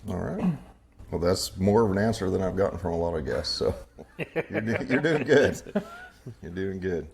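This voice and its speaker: A man's voice: low-pitched, very animated, moderate pace, creaky, darkish tone, slight background noise. A man from Idaho hosting a podcast in a garage, telling jokey stories and laughing often. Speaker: podcast host. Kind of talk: casual chat.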